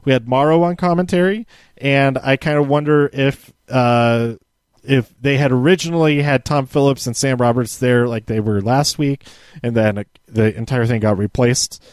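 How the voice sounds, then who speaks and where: A man's voice: mid-range voice, normal speed, smooth, dry recording. A man casually reviewing a wrestling episode from handwritten notes, rambling with many fillers and restarts.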